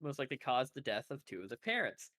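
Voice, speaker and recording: A man's voice: mid-range voice, very animated, pushed and bright. Laid-back man running a tabletop game. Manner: loose, rambling, quick to laugh. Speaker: game master.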